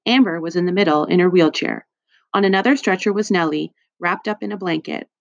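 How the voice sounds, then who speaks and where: A woman narrating a children's audiobook with lively storytelling. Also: lowish voice, brisk, gravelly, no echo, lo-fi sound. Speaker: audiobook reader.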